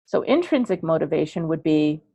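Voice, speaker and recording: A woman coaching parents in an online class, chatty and animated, acting out little dialogues as she explains. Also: low voice, normal speed, dry recording. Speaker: ADHD coach teaching parents.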